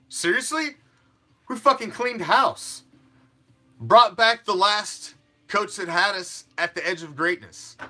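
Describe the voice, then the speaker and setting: A man's voice: on the high side, sharp tone. Fired-up profane man ranting about football. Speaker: fan podcast host. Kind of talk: profane sports rant.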